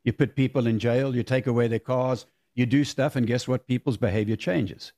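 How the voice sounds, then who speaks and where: A man's voice: mid-range voice, steady tone, normal speed, warm tone. A man speaking as a guest on a video-call podcast, giving firm, emphatic opinions in casual chat. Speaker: guest, race car driver.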